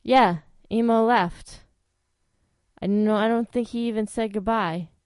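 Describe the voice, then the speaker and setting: A woman's voice: fairly high pitch, steady tone, unhurried, a little mellow, smooth, no room sound, studio quality, soft background music. A woman hosting a talk radio show, chatting casually, swearing, and singing along to old songs.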